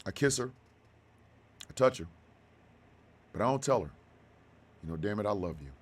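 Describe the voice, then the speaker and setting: A man in his fifties hosting a radio show, talking slowly and with deep feeling about personal loss. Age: 50s. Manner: heartfelt, slow and halting, then bursts of loud excitement. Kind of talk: emotional monologue.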